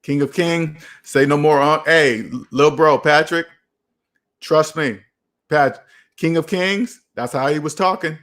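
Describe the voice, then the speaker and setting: Animated preachy man, fairly high voice. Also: a little slow. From United States. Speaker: finance channel host. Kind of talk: casual live chat.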